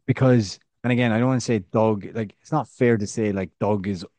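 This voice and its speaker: A man's voice: fairly low pitch, steady tone, fairly quick, warm tone, no echo. A man co-hosting a football podcast, talking in a rambling, casual way full of fillers. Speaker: podcast co-host.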